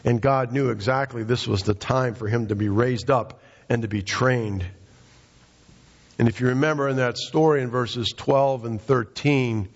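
A man's voice: medium pitch, fairly even intonation, a little slow. A male pastor preaching a sermon in a conversational, storytelling way. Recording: dull, echoey hall recording.

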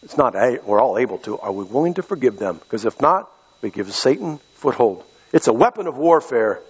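Man, pastor, fairly high husky voice, impassioned sermon, echoey hall. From western Pennsylvania, US. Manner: impassioned, repeats key phrases. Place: church sanctuary. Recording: echoey hall, dull lo-fi sound.

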